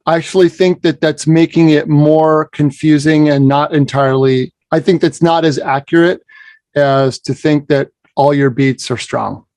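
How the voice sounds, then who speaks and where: A man teaching bagpipe expression in a relaxed conversational lesson, with a voice sitting a little high for a man. He explains patiently and keeps checking in with a quick "right?". The sound is dry and close. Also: no room sound. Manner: explanatory, asks "right?" often. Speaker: piping instructor.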